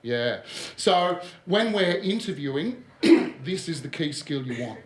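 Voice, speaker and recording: A man with an Australian accent giving a lively workshop presentation to a live audience, joking and throwing in asides. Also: a little high, measured pace. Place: large room with live audience. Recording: roomy echo of a hall.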